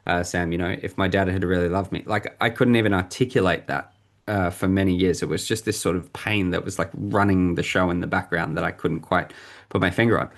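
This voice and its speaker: A man's voice: deep voice, steady tone, fairly quick, gravelly. A man, a podcast guest, candidly recounting a personal story in a reflective way and often stopping to search for words.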